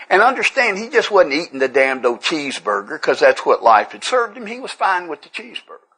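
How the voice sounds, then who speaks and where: A man's voice: sits high, big pitch swings, a little fast, bright, forceful tone, breathy edge, rough recording. Folksy Tennessee man telling stories. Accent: Southern US, Tennessee. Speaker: recovery workshop speaker. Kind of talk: folksy storytelling talk to a live group.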